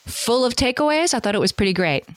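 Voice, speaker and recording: A woman's voice: on the high side, very animated, quick pace, no echo, studio quality. A woman co-hosting a parenting podcast, chatting casually with restarts and fillers. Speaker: podcast co-host. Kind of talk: casual chat.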